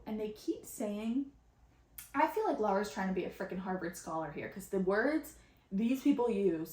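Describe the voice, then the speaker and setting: A woman hosting a spiritual podcast in a chatty, excitable way, laughing often and using casual slang, recorded on her phone. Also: medium pitch, moderate pace, reverberant. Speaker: podcast host and channeler.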